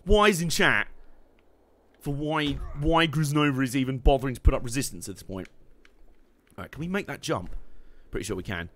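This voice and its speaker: A young man giving casual, excitable gameplay commentary, laughing, swearing and humming along as he plays. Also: medium pitch, normal speed, long pauses. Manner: excitable, laughing, swearing, hums tunes while playing. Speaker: game streamer.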